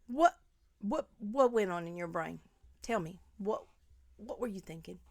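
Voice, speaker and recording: This commentary vlogger has an expressive, mid-range voice and a slightly slow pace. Angry and rambling, she talks straight to the subject of her criticism, now and then falling to a whisper.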